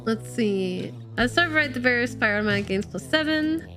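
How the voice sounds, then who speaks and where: A bubbly woman game streamer with a slightly high voice, talking excitedly to her chat while a bit ill and coughing now and then. Soft game music plays faintly underneath her. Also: normal speed. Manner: bubbly, excitable, chatty with viewers. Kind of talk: casual live-stream chat while playing.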